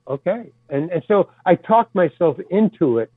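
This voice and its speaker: A man's voice: high voice, normal speed, dry recording. Older man telling stories over a tinny, dry line. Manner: animated storyteller, casual swearing. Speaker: guest actor. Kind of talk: storytelling anecdote in conversation. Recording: dry, tinny phone-like sound.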